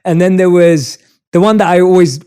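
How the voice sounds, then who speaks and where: A man's voice: sits high, normal speed, dark tone, clear, resonant tone. A man with a London English accent hosting an interview, talking animatedly and laughing easily. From England. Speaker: podcast host. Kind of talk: conversational interview.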